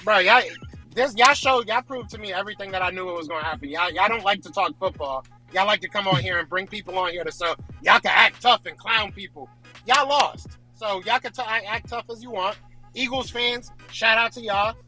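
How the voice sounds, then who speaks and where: A man's voice: sits high, brisk, bright, forceful tone, soft background music, low-quality recording. A man in a heated casual debate, defensive and exasperated, insisting on finishing his point. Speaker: guest, Eagles fan.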